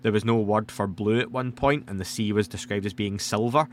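A man's voice: on the low side, brisk, a little hiss or hum. A man, hosting a podcast and answering listener questions in a casual, rambling way with self-deprecating asides.

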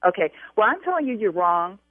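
A woman's voice: mid-range voice, very animated, a little fast, no room sound. A woman on a phone call as a bride, talking emphatically and insistently, repeating her demands. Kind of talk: phone argument. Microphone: telephone. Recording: tinny dry phone line.

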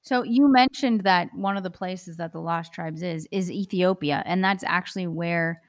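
A woman hosting a podcast who asks measured prompting questions. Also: fairly low pitch, no room sound, studio quality. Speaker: podcast host. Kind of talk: podcast interviewing.

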